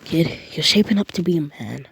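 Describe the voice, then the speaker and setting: A woman's voice: low-pitched, expressive, a little fast, vocal fry, a little hiss or hum, rough recording. Woman voicing a earnest uncle. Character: older uncle, gentle and earnest.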